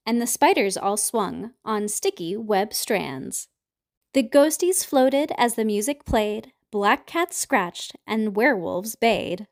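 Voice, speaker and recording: A woman reading a rhyming children's picture book aloud in a sing-song way, with squeaky little calls for the creatures. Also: lively intonation, slow, creaky. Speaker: storybook reader.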